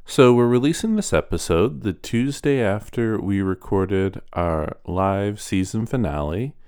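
A man co-hosting a podcast, friendly and relaxed, giving a casual intro and chat. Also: lowish voice, unhurried, clear, resonant tone, no room sound, clean studio sound. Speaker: podcast co-host.

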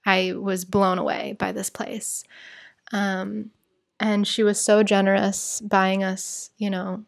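A woman's voice: mid-range voice, little pitch movement, slow pace, vocal fry. An American woman hosting a podcast, telling a personal story in a rambling, chatty way, full of "like" and "you guys". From United States. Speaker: podcast host.

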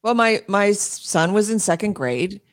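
A woman speaking as an interview guest and homeschool advocate, emphatic and quick, with frequent laughs and restarts. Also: mid-range voice, lively intonation. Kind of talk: passionate interview talk.

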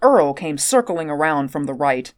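A woman reads a story aloud at a steady, measured pace. Her voice sits low and the recording is dry and close, with no room sound. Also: dry recording. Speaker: narrator. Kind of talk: audiobook narration.

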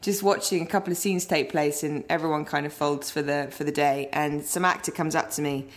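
Chatty English woman, low voice. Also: fairly even intonation, fairly quick. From Britain. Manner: chatty, laughs often, rambling asides. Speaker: interview guest. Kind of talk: casual podcast interview.

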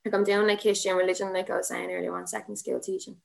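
Guesting on a podcast, a twenty-something woman from Ireland who is both an MMA fighter and a student teacher chats in a rambling way, leaning heavily on "like" and laughing frequently. She speaks very fast in a creaky, medium-pitched voice with little pitch movement.

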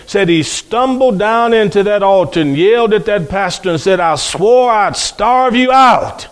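Male preacher, high voice, storytelling sermon with acted-out quotes.

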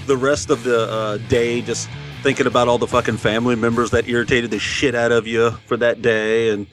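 A man co-hosting a podcast in casual, profane chat, blunt and quick to laugh. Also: medium pitch, level tone, fairly bright tone, faint music behind. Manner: blunt, swears freely, laughs often. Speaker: podcast co-host. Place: podcast studio.

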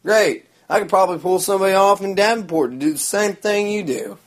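A man's voice: sits high, fast. A man, telling a rambling story in a sarcastic, crude, mocking way. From Oklahoma. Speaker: vlogger.

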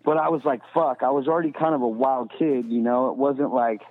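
A man's voice: medium pitch, steady tone, brisk. A man telling a story in a casual, profane, rambling way as a podcast guest, full of "you know". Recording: tinny phone-like sound with long reverb.

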